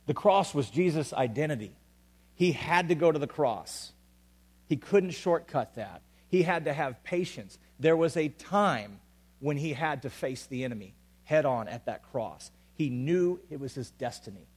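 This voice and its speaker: A man preaching a sermon as pastor to a congregation, swinging between loud urgent calls and quiet, intimate asides. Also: fairly high pitch, lively intonation, unhurried. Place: church hall with an audience.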